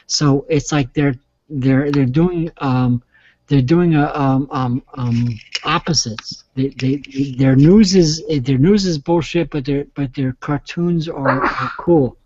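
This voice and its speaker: A man's voice: medium pitch, slow pace, darkish tone, no room sound, highs cut off. Rambling drunk man, stammering. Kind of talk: casual chat.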